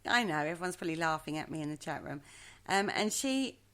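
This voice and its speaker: Deep-voiced and animated, this woman talks at a quick clip with a slightly bright tone. She's a podcast co-host recounting a legend, hesitant and chatty, and she mocks her own pronunciation as the casual story unfolds.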